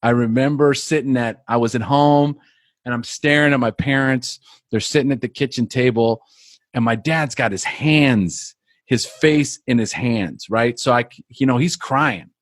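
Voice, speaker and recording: Man, podcast guest, earnest storyteller, mid pitch, dry close sound. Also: a little slow, no echo. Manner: earnest, repeats words while building a story. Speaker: podcast guest, life coach. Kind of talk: personal storytelling.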